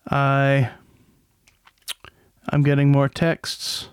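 A man's voice: medium pitch, monotone, drawn-out words, clean tone, dry recording, clean studio sound. A middle-aged man with a grown daughter, hosting an online show in a rambling, profane monologue with many restarts. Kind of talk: casual commentary monologue.

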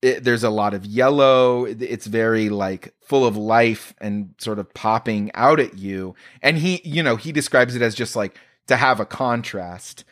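A man hosting a podcast, talking in a halting way as he searches for his words. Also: mid-range voice, a bit bright. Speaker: podcast host. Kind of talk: casual chat.

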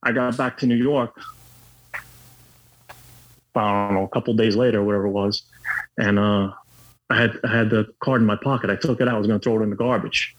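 A man's voice: on the low side, fairly even intonation, brisk, pauses often, dull audio. A middle-aged man telling his own story candidly, blunt and profane, with lots of fillers. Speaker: guest.

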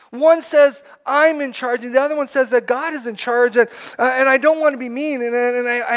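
High-voiced earnest male pastor preaching. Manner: earnest, repeats words, asks many questions. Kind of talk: sermon.

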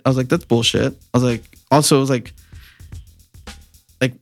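A man co-hosting a podcast, telling stories in a casual, animated, profane way, often laughing. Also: mid-range voice, fast talker, long pauses, faint music behind. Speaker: podcast co-host. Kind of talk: casual chat, storytelling.

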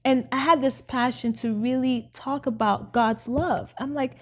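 Animated woman telling a story. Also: high voice, measured pace. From Nigeria. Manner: animated, acts out her own past lines in quotes. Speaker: pastor, podcast guest. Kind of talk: podcast interview storytelling.

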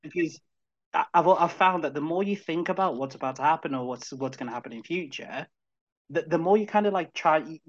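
A man's voice: on the high side, fairly quick. Upbeat chatty man, lo-fi sound. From Zambia. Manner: upbeat, chatty, many restarts and repeated words. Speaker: podcast guest. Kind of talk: casual chat.

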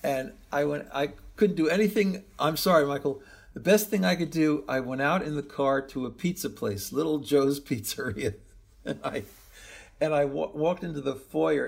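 Gravelly, husky man telling a story. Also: on the high side, normal speed. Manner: rambling, reflective, restarts often. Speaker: guest, medical school professor. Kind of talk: storytelling interview answer.

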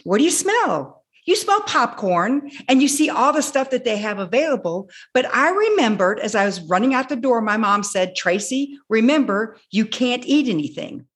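A woman in her sixties, a guest telling her personal story with animated delivery, acting out her own past words. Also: a little high, normal speed, hardly any pauses. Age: 60s. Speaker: guest speaker.

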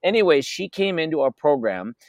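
In an energetic interview, a man from North America speaking as a wealth coach stresses his stories and repeats key phrases. His slightly high voice is sing-song and fairly quick, recorded dry.

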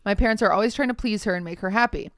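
Young woman reading posts, clear and smooth. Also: mid-range voice, dry recording, studio quality. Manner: reads posts aloud in a measured, wry tone. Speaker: podcast host. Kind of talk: casual chat, reading posts aloud.

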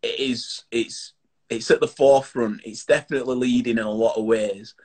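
A man's voice: mid-range voice, steady tone, normal speed, darkish tone. Chatty Yorkshire man hosting a podcast. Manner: chatty, upbeat, informal. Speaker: podcast host. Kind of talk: casual video-call interview. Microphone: video call.

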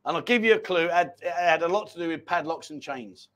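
Chatty, high-voiced host. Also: male voice, fast. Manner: chatty, rambling, animated storytelling. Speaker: livestream host. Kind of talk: casual live chat.

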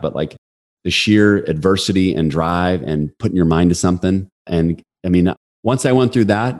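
A man in his forties, a podcast guest, telling a story in a casual interview, animated and acting out the quotes. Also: deep voice. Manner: animated, fast storyteller who acts out quotes.

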